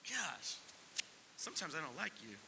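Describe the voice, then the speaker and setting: A man's voice: on the high side, expressive, normal speed. A man preaching a conversational sermon, asking the congregation questions and close to tears at times. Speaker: pastor. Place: church sanctuary. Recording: long hall reverb with faint hiss.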